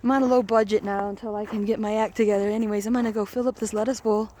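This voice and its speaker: A woman's voice: medium pitch, fairly even intonation, rapid-fire, warm tone, slight background noise. A woman vlogging outdoors among geese, chatting casually and coaxing a goose in a playful sing-song voice. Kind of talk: casual vlog narration.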